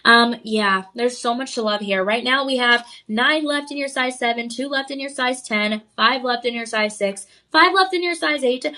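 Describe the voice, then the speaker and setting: Woman, TV shopping host; high, bright voice; gushing, chatty sales pitch with giggles. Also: moderate pace, hardly any pauses. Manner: enthusiastic, gushing, frequent laughs and ums. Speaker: shopping channel jewelry host. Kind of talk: live on-air sales pitch. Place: TV studio.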